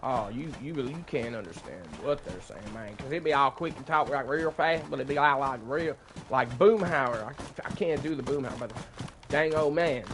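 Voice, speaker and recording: A man's voice: mid-range voice, normal speed, noisy background. A man with a Southern US accent, joking in casual livestream commentary while he plays a game, with a drawling country way of talking. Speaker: game streamer.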